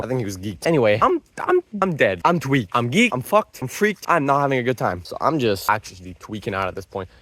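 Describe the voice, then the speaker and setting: A man's voice: mid-range voice, a bit bright, dry recording. Young male vlogger, casual storyteller, slangy and rambling, mid-range voice.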